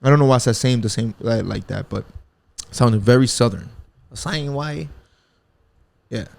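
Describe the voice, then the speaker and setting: A man's voice: mid-range voice, fairly quick, creaky, darkish tone. A young man from the Bronx with a New York accent, hosting a solo podcast in a profane, rambling, casual way with lots of restarts and slang. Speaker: podcast host.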